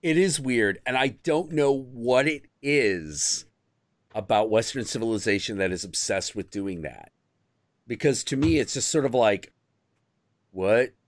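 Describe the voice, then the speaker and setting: A man hosting a loose, profane chat, telling stories and jumping into squeaky voices for the characters. His pitch swings widely and the sound is very dry and close. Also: a little slow, dry recording. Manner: crude, animated storytelling with sudden high squeaky impressions. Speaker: host. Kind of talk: casual chat.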